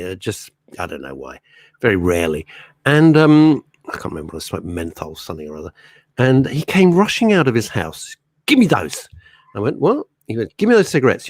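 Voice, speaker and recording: A man's voice: medium pitch, dry recording, clean studio sound. Rambling middle-aged male radio host. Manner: rambling, anecdotal storyteller. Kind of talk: casual radio chat. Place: radio studio.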